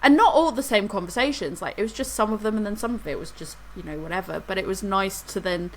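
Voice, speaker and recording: A woman's voice: mid-range voice, fast, a little hiss or hum, rough recording. A woman, co-hosting a podcast and telling a rambling story in casual chat. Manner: rambling storyteller, laughs through anecdotes. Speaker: podcast co-host.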